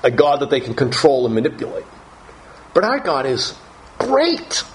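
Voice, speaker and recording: Emphatic man preaching a lively sermon. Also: fairly quick, rough recording. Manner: emphatic, rising pitch on key phrases. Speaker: pastor.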